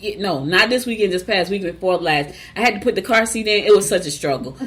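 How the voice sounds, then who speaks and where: A woman's voice: mid-range voice, fast. A woman hosting a morning show, telling stories in a chatty, casual way with asides to her listeners and reading horoscopes.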